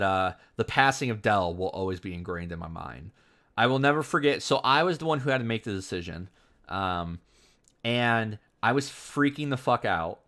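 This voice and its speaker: A young man co-hosting a podcast in a relaxed, rambling way. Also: medium pitch. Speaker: podcast co-host. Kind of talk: casual podcast chat.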